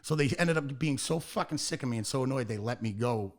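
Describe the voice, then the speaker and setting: An American man in his forties tells a story in a loose, relaxed podcast conversation. He swears constantly and acts out the other people's lines as he goes. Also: mid-range voice, fast. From United States. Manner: animated, profane storytelling with acted-out quotes. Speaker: podcast guest, hardcore band singer. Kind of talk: casual storytelling chat.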